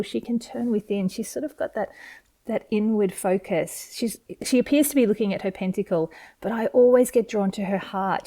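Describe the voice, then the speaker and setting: A woman's mellow, relaxed voice reads tarot cards for her viewers. She speaks in a gentle, encouraging way and sounds openly excited about each card. It comes across as a home video made in front of a camera. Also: medium pitch. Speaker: tarot reader.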